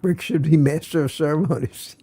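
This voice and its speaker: Older man as a weary live-stream host, casual and halting, a little high-pitched. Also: fairly even intonation, warm tone. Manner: halting, many restarts and fillers. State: tired.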